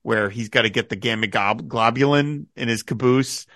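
With a mid-range voice at normal speed, this man hosts a casual podcast, recapping a TV episode with enthusiasm and performing quoted dialogue in lively bursts. The recording is clean studio sound without any room sound.

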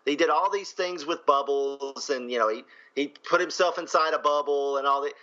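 Male podcast co-host, animated storyteller, bright and a bit high. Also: moderate pace, highs cut off. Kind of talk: casual chat.

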